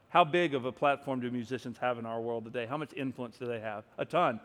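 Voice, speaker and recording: A man preaching a sermon and reading scripture aloud, moving between hushed stretches and loud, emphatic ones. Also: mid-range voice, fast talker, few pauses. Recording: long hall reverb.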